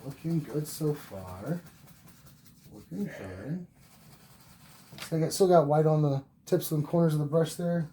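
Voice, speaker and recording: Unhurried and pausing often, a man with a fairly high, dark-toned voice leads a relaxed oil painting lesson. He encourages the viewer through every stroke, repeating himself and at times leaving the mic, over faint background noise.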